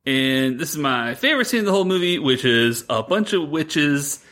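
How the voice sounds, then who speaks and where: A man's voice: a little high, lively intonation, normal speed, a bit bright. A man co-hosting a podcast, rambling through a mocking movie recap and laughing between his lines in casual chat. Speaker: podcast co-host.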